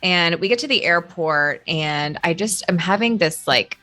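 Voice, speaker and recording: A woman's voice: on the low side, lively intonation, unhurried, sharp tone, soft background music. A woman from the United States, a guest expert, chattily telling a personal story and correcting herself as she goes.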